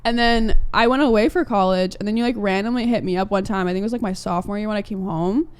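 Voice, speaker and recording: A young woman in her twenties, co-hosting a podcast and telling stories in a casual, animated way with many fillers. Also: mid-range voice, fast talker, clean tone. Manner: animated storytelling, lots of fillers and laughs. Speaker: podcast co-host. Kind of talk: casual chat.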